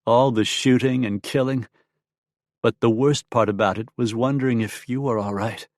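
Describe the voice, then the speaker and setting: A man voicing a spirited young frontier wife in an audiobook, soft-spoken and earnest. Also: medium pitch, steady tone, moderate pace, dry recording, clean studio sound, close to an everyday voice. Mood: tender. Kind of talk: audiobook character voice.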